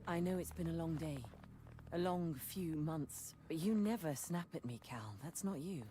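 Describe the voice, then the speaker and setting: A woman's voice: deep voice, moderate pace, mellow, lightly acted. A woman playing a worried young explorer. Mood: concerned. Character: anxious young woman explorer in a horror game. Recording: game audio heard under noise.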